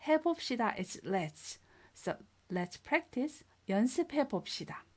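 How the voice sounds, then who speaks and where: A woman teaching a beginner language lesson, speaking slowly and clearly, repeating each word and praising the learners. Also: on the high side, big pitch swings. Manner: patient, drills words twice and praises learners. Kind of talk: slow, clear classroom instruction.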